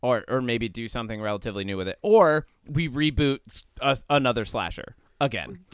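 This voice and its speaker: A man co-hosting a casual podcast, playful and quick with interjections and laughter. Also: medium pitch, animated, smooth, no echo. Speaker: podcast co-host. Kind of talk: casual chat.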